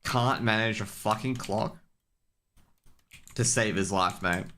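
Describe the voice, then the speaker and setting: A young man streaming, chatting casually in a loose, profane, rambling way full of fillers and restarts, getting louder as he rants. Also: fairly low pitch, slow. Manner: gets worked up and louder when ranting.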